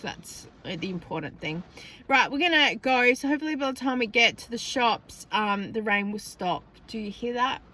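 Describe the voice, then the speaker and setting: A woman's voice: medium pitch, bright, forceful tone, a little hiss or hum. A middle-aged Australian woman vlogging from her parked car, chatting casually and laughing often as she tells stories. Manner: chatty, laughs a lot while telling stories. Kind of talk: casual chat.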